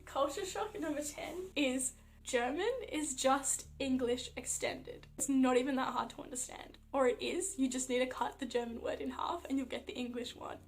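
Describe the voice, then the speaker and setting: A young Australian woman, an athlete vlogger, chatting casually to camera in an animated storytelling way, full of fillers. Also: high-pitched, normal speed.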